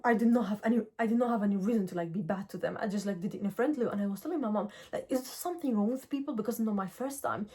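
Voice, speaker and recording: A woman's voice: mid-range voice, rapid-fire, hardly any pauses. Earnest young woman vlogger. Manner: earnest, direct, lively storytelling. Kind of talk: casual motivational talk to camera.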